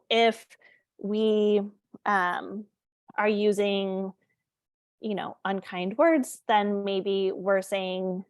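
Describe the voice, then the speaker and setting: A woman leads a relaxed, conversational parenting lesson, speaking candidly and often checking in with her listeners. Her voice is recorded close and dry, with no room sound around it. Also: mid-range voice, dry recording. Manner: conversational, candid, frequent fillers and check-ins. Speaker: parenting educator. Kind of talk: informal parenting presentation.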